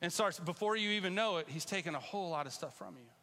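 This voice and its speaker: A man preaching a casual, conversational sermon in a church, animated and bursting into loud calls to the congregation. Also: sits high, fast, in a large hall. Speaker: pastor. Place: church sanctuary.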